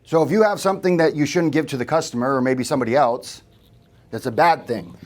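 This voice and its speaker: A man's voice: mid-range voice, fast. A man giving a live sales training to a room of agents, talking casually and often checking in with questions to the group. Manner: conversational, asks the room questions.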